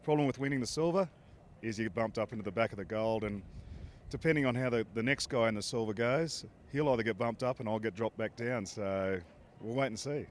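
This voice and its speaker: A man's voice: medium pitch, brisk. A man with an Australian accent, a racing pilot, answering interview questions in a laid-back way with dry humor, outdoors at an air race. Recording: faint outdoor background noise.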